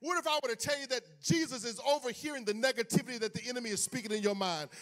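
Man, pastor, very high pitch, sung call-and-response preaching, church. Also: racing, a bit bright. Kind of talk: sermon. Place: church sanctuary.

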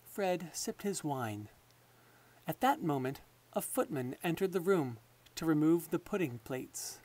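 A man reading a children's novel aloud as audiobook narration, in a measured storytelling manner. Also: on the high side, expressive, darkish tone. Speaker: audiobook reader.

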